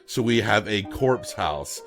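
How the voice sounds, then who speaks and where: A man with a fairly low voice co-hosts a film podcast. He recaps the plot in loose, casual chat. He rambles, restarts his sentences and swears without a second thought. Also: animated, slow pace, over music.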